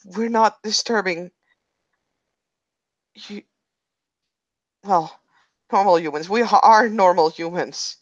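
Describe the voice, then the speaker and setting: A woman's voice: mid-range voice, slow, pauses often, dry recording, highs cut off, lightly acted. A woman playing a frightened young woman held captive, pleading and stammering in a tabletop game. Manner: pleading, stammering, repeating herself.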